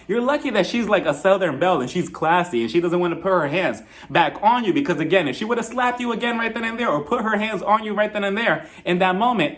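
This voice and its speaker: Animated, high-voiced man reviewing a show. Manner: animated, opinionated, acts out quotes. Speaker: video reviewer. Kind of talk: casual commentary vlog.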